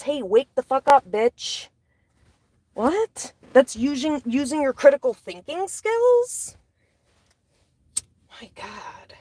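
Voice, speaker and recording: A woman's voice: a little high, no room sound. A woman delivering an angry, profane rant as a solo commentator, blunt and heated. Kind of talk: angry ranting monologue.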